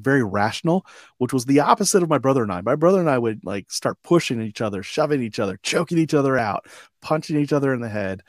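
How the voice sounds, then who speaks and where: A man's voice: medium pitch, no echo, studio quality. A man in his forties, a podcast guest telling his life story in a reflective, loose way full of "um" and "you know". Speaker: podcast guest, combat veteran.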